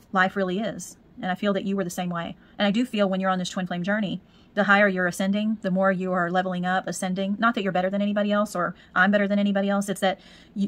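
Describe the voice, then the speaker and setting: A woman giving a spiritual tarot reading, talking in a musing way and repeating words as she searches for messages. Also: lowish voice. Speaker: tarot reader.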